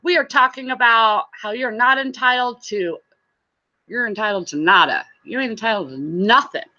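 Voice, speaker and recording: A woman's voice: on the high side, normal speed, sharp tone, dull audio. A woman hosting a casual livestream, chatting with viewers and laughing often.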